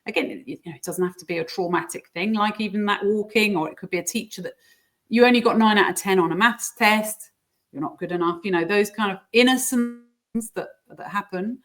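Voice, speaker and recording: A woman explaining coaching techniques in a casual interview, sometimes putting on squeaky voices for examples. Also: fairly quick, a bit bright. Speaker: guest coach.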